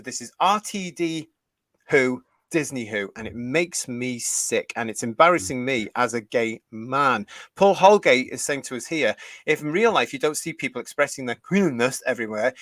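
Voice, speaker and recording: A man's voice: medium pitch, a bit bright, no echo. An older British man hosting a live stream, indignantly reading out chat comments. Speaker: host.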